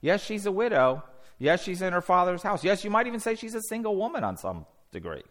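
Guy leading a bible study, pretty high voice that bounces all over, keeps asking the class stuff. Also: a little fast. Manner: animated, asks the class questions and restarts often.

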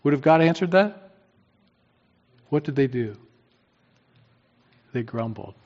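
A man preaching a sermon, swinging from quiet low lines to emphatic, rising peaks. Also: expressive, slow, lo-fi sound.

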